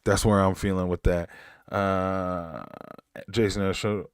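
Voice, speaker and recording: A man's voice: deep voice, level tone, slow, clear, resonant tone, no echo, studio quality. A man chatting casually on a livestream, answering his chat in a rambling way, laughing and cracking self-mocking dad jokes. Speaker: streamer reading live chat.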